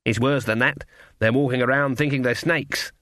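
A man voicing a stern, commanding old witch woman who speaks in a gruff, clipped way. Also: medium pitch, steady tone, moderate pace, pushed and bright, no room sound, clean studio sound, lightly acted. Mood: blunt. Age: over 60.

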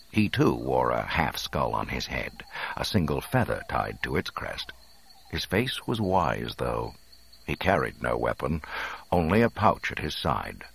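A man with an extremely deep, gravelly voice reads a storybook aloud. His delivery is expressive and dramatic, rising and falling widely, with a husky rasp throughout. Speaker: narrator. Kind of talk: storybook reading.

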